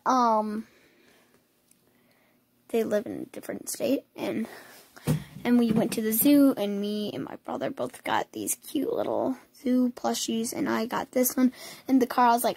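Hoarse high-voiced young girl, slow and creaky. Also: darkish tone, dry recording. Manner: chatty, cooing over cute pictures. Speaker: vlogger. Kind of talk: casual screen tour.

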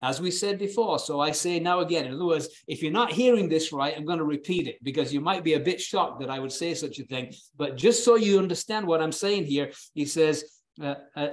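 Male preacher, sermon, earnest, emphatic, doubles words for stress, slightly high voice. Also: animated, moderate pace.

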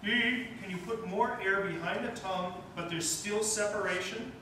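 A man's voice: sits high, normal speed, sharp tone. A man conducting a school band rehearsal, coaching the players with encouragement and singing note syllables. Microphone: distant room mic. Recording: echoey room from far off, noisy.

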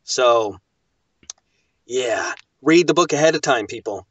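A man who narrates audiobooks, speaking as a podcast guest in an animated, emphatic way. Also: mid-range voice, takes it slowly, no echo, far from the mic. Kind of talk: casual chat. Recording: dull lo-fi dry recording.

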